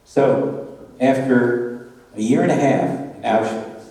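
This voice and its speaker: An older man giving a public remembrance talk in a measured way, straining when he reads aloud. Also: mid-range voice, mellow, heavy reverb, big-room sound, far from the mic, poor audio. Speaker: speaker at a Holocaust remembrance talk. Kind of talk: public presentation.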